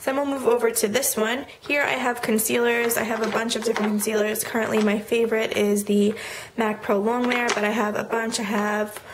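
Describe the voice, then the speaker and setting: A chatty young adult woman with a fairly high voice, a beauty vlogger, walks casually through products, listing them quickly with plenty of fillers. She's recording in an echoey room with noticeable noise.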